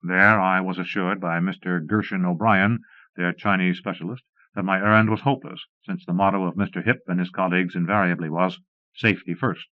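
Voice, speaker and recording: A man with a lowish voice reads an audiobook in a measured, wry manner. The recording is narrow and muffled, like 1990s cassette tape, and completely dry. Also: steady tone, dry recording. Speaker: audiobook narrator. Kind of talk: audiobook reading.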